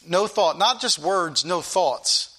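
A male preacher delivers a sermon in a fervent, emphatic way, circling back on key phrases to drive them home. His voice sits high and rings with a bright, forceful edge. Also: expressive, slow pace, breathy edge.

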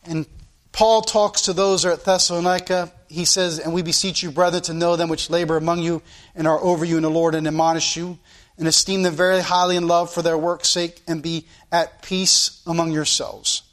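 A man's voice: fairly high pitch, little pitch movement, moderate pace, fairly bright tone. A man preaching a sermon to his church as pastor, earnest, with sound-effect asides.

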